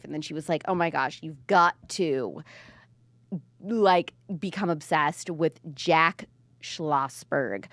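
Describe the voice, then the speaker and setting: A woman's voice: lowish voice, no room sound. Chatty young woman podcast host. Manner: chatty, rambling, heavy use of "like" and "um". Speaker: political commentary host. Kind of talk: casual commentary monologue.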